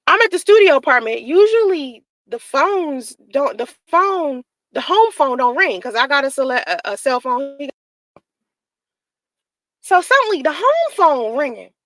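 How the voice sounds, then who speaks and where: A woman's voice: sits high, very animated, a little slow, fairly bright tone, poor audio. A woman telling a personal story in a casual, profane way, acting out the dialogue she quotes. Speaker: storyteller in a played clip.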